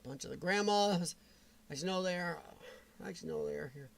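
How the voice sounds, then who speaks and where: A man hosting a casual livestream, answering viewers' comments in a chatty, animated way with frequent chuckles. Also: on the high side, moderate pace, creaky. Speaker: livestream host.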